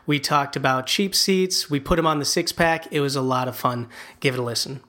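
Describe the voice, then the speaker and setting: A man's voice: medium pitch, brisk, pushed and bright. A man hosting a podcast, announcing tour dates and setting up interviews in an upbeat way. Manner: upbeat promo-style announcing. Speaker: podcast host.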